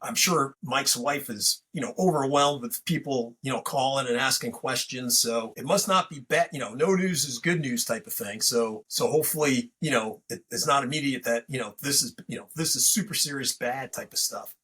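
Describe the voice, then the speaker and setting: A man's voice: mid-range voice, normal speed, hardly any pauses, bright, forceful tone, slightly rough. A man hosting a podcast, telling a story in a rambling, casual way full of fillers and restarts. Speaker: podcast host.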